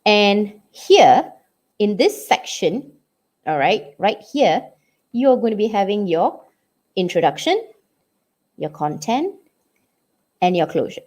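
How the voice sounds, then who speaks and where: This woman teaches English with a Malaysian English accent, giving a classroom lesson and frequently checking in with "okay?" and "did you get it?" Her mid-range voice is very animated and a little mellow, moving at a slow pace with long pauses.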